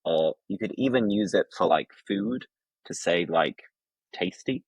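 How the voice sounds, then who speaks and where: A man with a Yorkshire accent, an English teacher hosting a casual conversation, explaining slang in a relaxed way with plenty of examples and fillers. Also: low-pitched, unhurried, dry recording.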